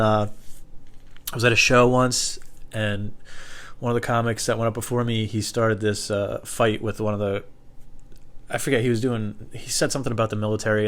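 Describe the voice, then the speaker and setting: A young man, a comedian, rambling in a loose, profane, self-deprecating way, with lots of fillers and sudden loud high voices when he quotes people. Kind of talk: rambling stand-up style monologue.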